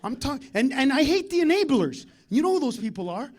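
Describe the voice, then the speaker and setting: A man doing a live stand-up comedy set on a club stage, ranting and profane, swinging between loud outbursts and mock-serious asides. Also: very high-pitched, very animated, brisk, some chatter behind.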